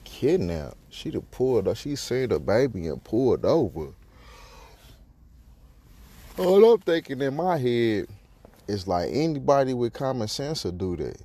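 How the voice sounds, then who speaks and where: A man's voice: medium pitch, a little slow, pauses often. A man hosting a podcast, giving his blunt, profane take on a news story in casual talk. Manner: profane, animated, rhetorical. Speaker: podcast host.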